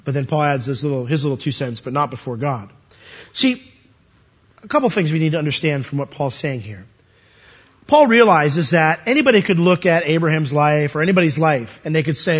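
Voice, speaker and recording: A man preaching a sermon, animated and rising to high emphatic peaks as he quotes scripture. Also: moderate pace, husky, dull audio.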